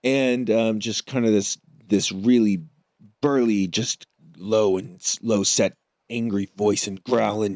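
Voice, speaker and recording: A man's voice: fairly low pitch, slow pace, darkish tone, no room sound, clean studio sound. A man talking as an actor guest in a casual interview, thinking his answers through aloud. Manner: thoughtful, works through ideas aloud.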